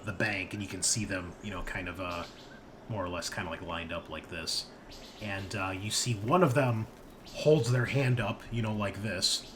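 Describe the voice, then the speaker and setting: A man's voice: fairly low pitch, pushed and bright, slight background noise. A man running a tabletop game as game master, describing the scene to players in a loose, rambling way. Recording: tense background music.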